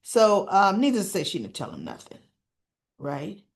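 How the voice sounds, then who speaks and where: A woman's voice: medium pitch, wildly swooping pitch, normal speed. A woman hosting a casual soap opera recap, retelling scenes with "he says, she goes" and chatty asides to her viewers.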